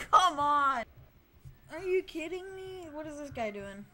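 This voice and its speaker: A high-voiced woman commentates on her own game play from a home desk mic. She is excitable and quick to plead or cry out, and a faint hiss sits under her voice. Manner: excitable, frequent exclamations and pleading. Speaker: gaming channel host.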